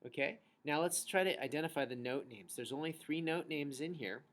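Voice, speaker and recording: A man's voice: a little high, lively intonation, a little fast, fairly bright tone. Patient man teaching a kids' music lesson. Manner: patient, encouraging, chanting rhythm syllables. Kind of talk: recorded online music lesson for children.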